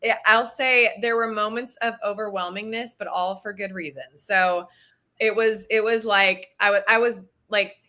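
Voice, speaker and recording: A woman's voice: mid-range voice, fairly even intonation, normal speed, bright, forceful tone. A woman in her thirties, a guest actress chatting enthusiastically in an interview, with lots of fillers. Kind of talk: casual interview chat.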